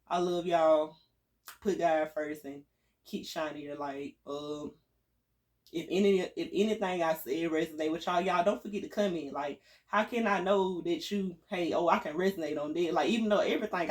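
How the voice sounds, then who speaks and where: A vlogger giving an emphatic, preachy spiritual pep talk to viewers. The speaker uses casual slang, calls the audience y'all and repeats phrases for emphasis. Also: mid-range voice. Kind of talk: spiritual motivational talk to camera.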